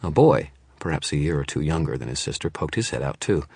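A man reads a first-person audiobook in a measured, brooding way. His voice sits extremely low and carries a husky grain. The recording is dry, with no room sound. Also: dry recording. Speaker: audiobook narrator.

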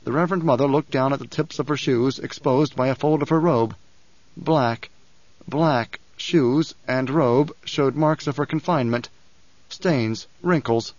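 Here an audiobook narrator, a man with a mid-range voice, delivers scripted narration of a novel at a measured, even pace. The sound is dry and a touch dull.

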